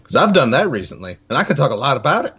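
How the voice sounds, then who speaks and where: A man's voice: mid-range voice, very animated, rapid-fire, bright, forceful tone, slightly rough. A man co-hosting a casual gaming podcast, laid-back and rambling with lots of fillers. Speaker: podcast co-host. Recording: dull lo-fi audio.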